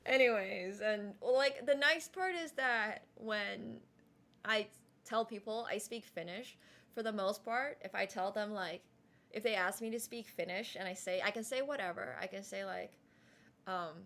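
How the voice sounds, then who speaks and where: A young woman streamer chatting casually, candid and quick to laugh, swearing freely, English not her first language. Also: medium pitch, fairly bright tone.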